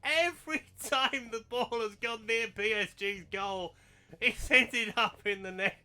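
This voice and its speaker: With a high, clear, resonant voice and an unhurried delivery, a man hosts a gaming channel. He commentates live on a football management game, shouting and laughing whenever big moments hit.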